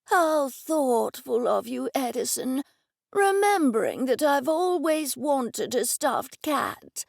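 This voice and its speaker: A woman doing a slow, quavering old deaf man. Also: sits high, very animated, vocal fry, dry recording, studio quality, full character voice. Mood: doddering.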